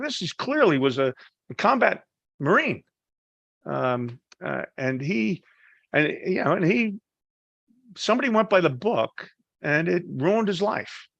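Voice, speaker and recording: A man, a Marine veteran, telling a story in a casual, animated way and acting out the people in it. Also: high-pitched, measured pace, vocal fry, pauses often, no room sound, lo-fi sound. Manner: animated, acts out voices in his anecdotes.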